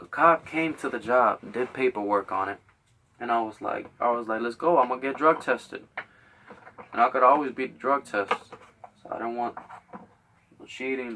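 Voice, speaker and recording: A man's voice: mid-range voice, moderate pace, long pauses, pushed and bright, recorded from a distance, a little hiss or hum. A young man hosting a show, telling a heated, profane story full of acted-out quotes. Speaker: podcast host.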